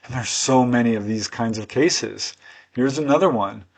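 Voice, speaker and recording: A man's voice: medium pitch, normal speed, gravelly. A man presenting case studies as a researcher, telling each story in an earnest, conversational way with personal asides. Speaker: UFO researcher and author presenting cases. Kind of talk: unscripted storytelling narration.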